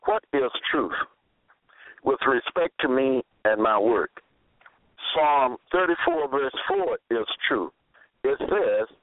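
Slow, tinny-sounding male preacher. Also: medium pitch, no room sound. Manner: deliberate, spells words out, repeats phrases for emphasis. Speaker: religious preacher. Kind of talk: slow scripture-quoting sermon monologue. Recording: tinny phone-line audio, dry.

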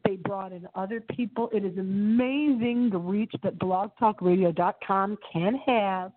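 A middle-aged woman hosting her internet radio show alone, talking in a theatrical, dramatic way with big swings in pitch. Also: measured pace. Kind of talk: solo radio show monologue. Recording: phone-line audio.

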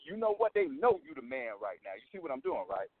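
Animated man coaching over a phone line. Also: mid-range voice, quick pace, vocal fry. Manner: emphatic, repeats points and checks in with "right?". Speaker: motivational coach and guest. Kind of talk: animated storytelling interview. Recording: dry phone-line sound.

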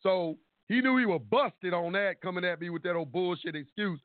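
A man with a high voice tells a long, lively story on a call-in show. He voices the other people's lines himself and swears freely. The sound is tinny and dry, like a phone line. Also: normal speed, dry recording. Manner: animated storytelling, acting out quotes, swearing. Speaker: caller.

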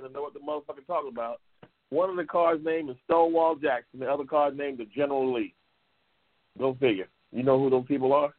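Profane heated man on a phone line. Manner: heated, profane, repetitive, swinging up into high outbursts. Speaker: talk show host. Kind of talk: loud profane call-in chat. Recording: phone-like lo-fi audio.

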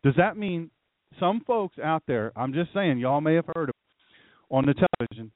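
Male pastor, animated sermon delivery with asides to the room, dry tinny phone-quality sound. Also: on the high side, normal speed, no room sound.

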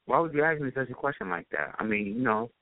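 A man's voice: medium pitch, animated, fast, creaky, a little hiss or hum. A man from Brooklyn, rambling and swearing freely as a panelist in casual talk-show banter. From Brooklyn, New York. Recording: tinny dry phone-line sound.

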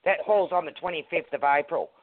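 A blunt-spoken Australian man, a guest chatting on talk radio, slangy and quick to curse. His voice is a bit higher than most men's. It comes through thin and tinny, like a phone call. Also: no room sound. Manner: blunt, swears, uses slang. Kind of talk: casual talk radio discussion.

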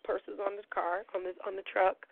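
A middle-aged woman hosting a podcast, telling a story in a loud, profane, animated way and acting out the quotes, her voice a little gravelly as it recovers. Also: medium pitch, normal speed, no room sound. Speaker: podcast host. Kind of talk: storytelling monologue. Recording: tinny phone-like line.

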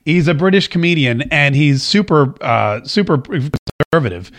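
Chatty, high-voiced male commentary host. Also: lively intonation, moderate pace, fairly bright tone. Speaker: show host. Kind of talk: casual political commentary, reading viewer comments. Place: at home.

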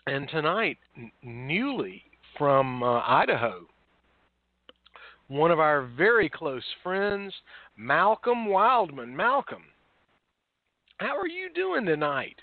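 A man hosts a casual talk radio show and often stumbles and restarts his sentences. His voice sits a little high. It sounds dry and tinny, as if over a phone. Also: sing-song, slow pace, pauses often, dry recording. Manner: warm, repetitive, stumbling restarts. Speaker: host.

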